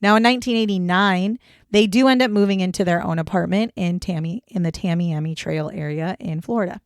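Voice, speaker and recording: A woman's voice: lowish voice, a little fast, clear, resonant tone, no room sound, studio quality. A young woman co-hosting a true crime podcast, talking casually and bluntly, swearing freely. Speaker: podcast co-host.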